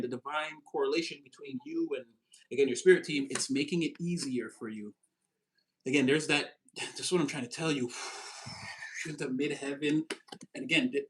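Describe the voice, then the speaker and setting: A man giving a casual, animated tarot reading, with a slangy spiritual pep-talk manner that jumps up in pitch when he gets excited. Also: low-quality recording. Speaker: tarot reader.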